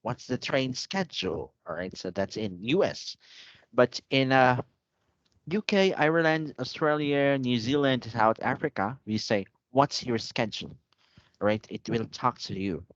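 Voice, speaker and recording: A man's voice: mid-range voice, expressive, measured pace, no room sound. Patient male English tutor on a call. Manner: patient, repeats and checks with "okay?". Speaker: English teacher. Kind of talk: online English lesson. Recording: dull lo-fi online call audio.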